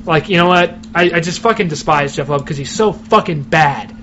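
A man's voice: fairly high pitch, normal speed. A man co-hosting a podcast in casual chat, ranting with heavy swearing. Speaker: podcast co-host. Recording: muffled recording with clear background noise.

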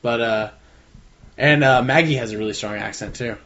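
Halting man in a lo-fi podcast. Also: mid-range voice, a bit bright. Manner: halting, repeats his words when starting a thought. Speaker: podcast co-host. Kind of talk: casual chat about a TV episode. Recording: dull lo-fi recording.

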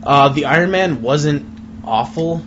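A man's voice: a little high, a little slow. A man co-hosting a podcast in casual chat, joking and laughing between remarks. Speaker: podcast co-host. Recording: muffled recording with clear background noise.

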